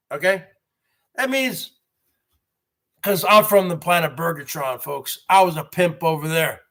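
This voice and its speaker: A man's voice: sits high, bright, forceful tone. A boastful man from New Jersey hosting a rambling live stream, calling the audience "folks" and greeting viewers by name. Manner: boastful, repeats "folks" and "bottom line".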